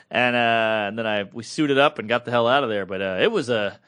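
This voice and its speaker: A man's voice: fast, hardly any pauses. A man in his thirties co-hosting a podcast, telling a comic story in casual chat and acting out other people's voices. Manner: animated, acts out other people's voices in high falsetto. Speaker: podcast co-host.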